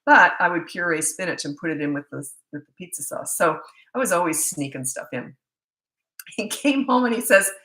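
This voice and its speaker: A woman's voice: fairly low pitch, animated, normal speed, fairly bright tone, rough recording. A middle-aged woman parenting coach chatting and telling stories in a live webcam Q&A, laughing often. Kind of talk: live Q&A chat from home on webcam. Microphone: laptop webcam.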